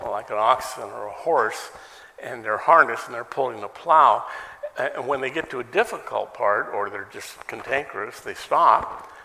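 A male pastor delivers a live sermon in a gravelly, bright voice. He talks conversationally, stacks rhetorical questions, and pokes fun at himself. The sound carries a long hall reverb with faint background noise. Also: medium pitch. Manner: conversational, self-deprecating humor, rhetorical questions.

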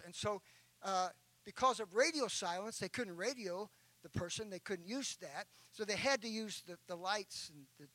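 A man's voice: high-pitched, bright, forceful tone, poor audio. A man preaching a sermon as a bishop, telling an illustration and building to emphatic points. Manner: storytelling with rising, emphatic preaching.

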